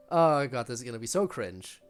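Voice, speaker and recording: A woman streamer chatting casually while playing a game, self-deprecating and quick to laugh. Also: a bass voice, a little mellow. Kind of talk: casual gaming stream chat. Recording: faint game music behind.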